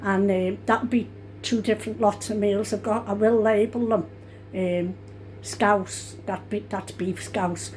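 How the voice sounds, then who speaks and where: A woman's voice: medium pitch, steady tone, a little slow, a little mellow, a little hiss or hum. An older woman, a grandmother cooking at home, who talks in a chatty, rambling way and often corrects herself mid-sentence. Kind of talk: casual cooking vlog. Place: home kitchen.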